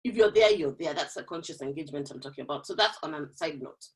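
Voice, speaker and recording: A woman hosts an online women's gathering over a video call. Her voice swoops up and down with lively energy. She is chatty and laughs easily between remarks. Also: low voice, fast talker, low-quality recording. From Kenya. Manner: animated, laughs often, chatty. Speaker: host of an online women's forum. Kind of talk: casual chat on a video call.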